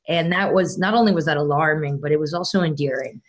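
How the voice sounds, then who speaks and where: Young woman host, low deadpan jokes. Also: fast. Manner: teasing, deadpan joking. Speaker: podcast host. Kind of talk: casual comedic chat. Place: home dining room.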